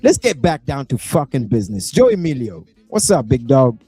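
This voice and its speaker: A South African man doing live reaction commentary, animated and prone to bursting into shouts and whoops. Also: medium pitch, moderate pace, breathy edge, no echo, soft background music. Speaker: reaction streamer.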